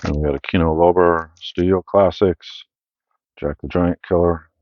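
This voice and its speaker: A man's voice: deep voice, steady tone, normal speed, no room sound, muffled recording. A Canadian man hosting his own channel, casually rambling through his film collection with many fillers and self-corrections.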